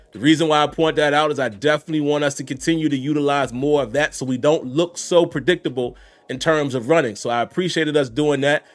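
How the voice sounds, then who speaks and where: A man giving casual, conversational reactions to a football game, talking straight to his viewers. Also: a little high. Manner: conversational, addresses viewers as y'all and guys. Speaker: sports commentator host.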